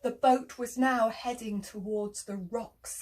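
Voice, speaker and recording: High-voiced woman telling an interactive children's story. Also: slow. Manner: animated, gasping, making sound effects and inviting children to join in.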